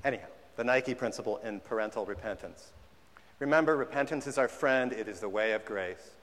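A man's voice: medium pitch, a little fast, fairly bright tone. Male preacher, conversational delivery, mid-range voice, long reverb of a large hall. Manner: conversational, mimics sulky apologies. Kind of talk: sermon.

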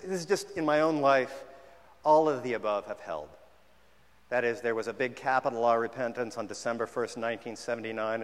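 A man's voice: medium pitch, a bit bright. A man preaching a sermon in a conversational way, at times mimicking half-hearted apologies. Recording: long hall reverb.

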